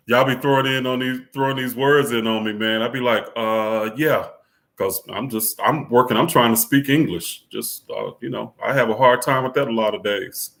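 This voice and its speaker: A man's voice: mid-range voice, fairly even intonation, moderate pace, gravelly, fairly bright tone. A man, chatting casually with his viewers as a live-stream host in a laid-back, talkative way and laughing often. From United States. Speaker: livestream host greeting viewers.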